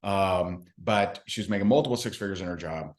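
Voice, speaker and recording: Low-voiced and brisk, this man leads a recruiting session as a network marketing trainer. His chatty, self-mocking stories come with acted-out quotes of what others said.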